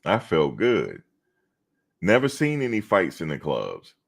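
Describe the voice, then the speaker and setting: A deep, gravelly male voice with huge pitch swings speaks a little slowly. He's a reaction streamer in casual livestream mode, drifting through rambling stories and talking to his viewers head-on.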